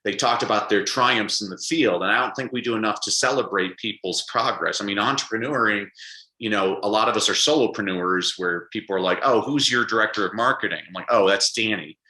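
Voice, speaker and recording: Bright, animated male storyteller. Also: fairly low pitch, a little fast, echoey room, rough recording. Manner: animated storyteller who acts out quotes. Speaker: guest, public speaker and coach. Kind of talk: conversational interview.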